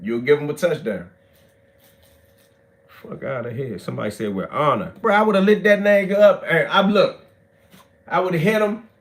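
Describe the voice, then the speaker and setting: A man, telling prison stories in animated, profane street talk that swings from shouts to low mutters. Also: moderate pace, long pauses.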